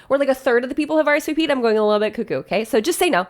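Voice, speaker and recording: Chatty high-voiced woman wedding planner. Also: racing, hardly any pauses. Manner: chatty, laughs often, animated. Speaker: wedding planner reacting to posts. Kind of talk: casual reaction commentary.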